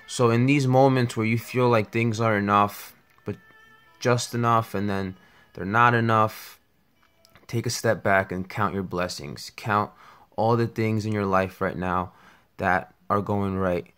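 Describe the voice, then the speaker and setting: Low voiced man teaching about spirit and thoughts, earnest and reflective, faint music behind. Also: steady tone, a little slow, a bit bright, clean tone. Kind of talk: spiritual talk.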